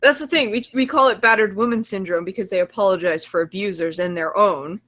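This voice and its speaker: A woman's voice: medium pitch, fairly quick, fairly bright tone, slight background noise. A woman co-hosting a livestreamed talk show, joking crudely and laughing often between lines. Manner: laughs often, swears freely. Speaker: podcast co-host. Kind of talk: crude casual banter.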